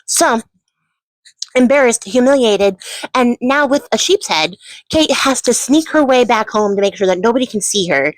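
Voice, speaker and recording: A woman's voice: mid-range voice, no room sound, rough recording. A woman retelling a fairy tale in a chatty, casual way, laughing often and swearing. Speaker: storyteller and channel host.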